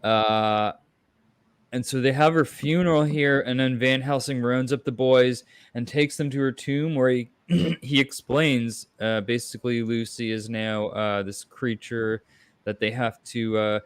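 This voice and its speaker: A man's voice: mid-range voice, steady tone, a little slow, clear, resonant tone, no echo. A man hosting a casual movie chat, rambling with lots of fillers and restarts. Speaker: podcast host.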